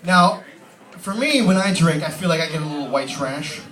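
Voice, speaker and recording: A man's voice: fairly high pitch, expressive, normal speed, a bit bright. Rambling male comic in a roomy pub. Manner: rambling, filler-heavy, casual storytelling. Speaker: stand-up comedian. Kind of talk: stand-up comedy set. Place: pub stage. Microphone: distant camera. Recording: roomy pub sound from a distant mic.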